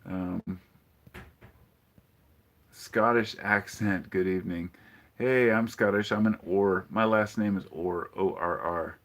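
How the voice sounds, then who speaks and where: A low-sitting male voice, fairly even in tone, moving slowly with long pauses. He hosts an easygoing live-stream podcast, greeting viewers and tackling chat messages with rambling opinions, many ums, and frequent restarts.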